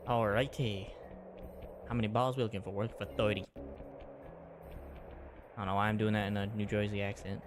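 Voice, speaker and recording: A man's voice: lowish voice, level tone, quick pace, long pauses, noisy background. A man giving rambling, chatty commentary while streaming a game. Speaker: gaming streamer. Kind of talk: casual gameplay commentary. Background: game music.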